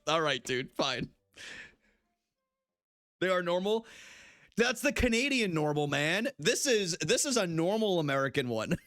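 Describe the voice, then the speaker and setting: A man's voice: fairly high pitch, fairly bright tone. A young man live-streaming a game, chatting casually with viewers and laughing often.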